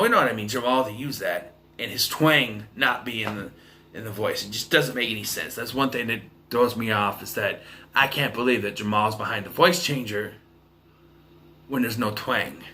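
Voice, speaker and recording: A man's voice: medium pitch, bright, forceful tone, a little hiss or hum. A man giving a casual spoken film review, rambling and repeating himself.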